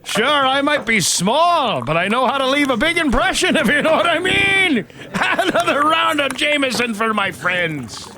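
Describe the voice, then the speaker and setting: A man's voice: very high-pitched, big pitch swings, normal speed, bright, forceful tone, exaggerated voice. A male radio host playing a drunken, lecherous leprechaun with a fake Irish accent, in a bawdy morning radio comedy bit. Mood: leering. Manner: bawdy, boisterous, slurring joker. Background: bar sound effects.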